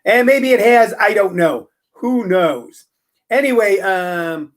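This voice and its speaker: A man's voice: high-pitched, expressive, takes it slowly. Man hosting a wry, rambling comic monologue. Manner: wry, joking, lots of ums and uhs. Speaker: podcast host and comedy teacher.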